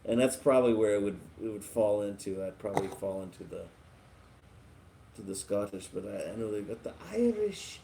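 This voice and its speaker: A man's voice: fairly low pitch, steady tone, fairly quick, vocal fry, background noise. A man hosting a casual live stream, chatting and laughing as he reads viewer comments aloud. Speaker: livestream host.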